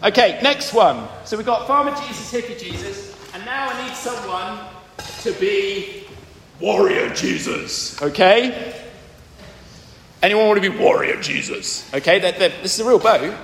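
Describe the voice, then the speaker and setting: Playful posh English vicar leading a family sermon; bright tone, long church reverb. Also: male voice, sits high, a little slow, a little hiss or hum. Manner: playful, drawing in the congregation. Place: large church. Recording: echoey church hall.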